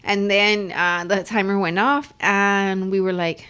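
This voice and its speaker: A woman co-hosting a podcast in casual chat, telling a family story with lively acted-out dialogue and Spanish phrases mixed in. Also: mid-range voice, measured pace, clean tone. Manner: animated storyteller who acts out dialogue and mixes in Spanish. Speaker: podcast co-host; mother.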